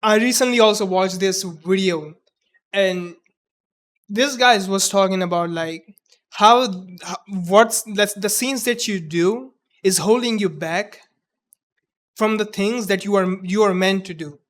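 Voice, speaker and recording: A man in his twenties with a mixed Indian English accent, talking earnestly and haltingly in a personal reflective monologue, often restarting his words. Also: high-pitched, a bit bright. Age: 20s. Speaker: vlogger.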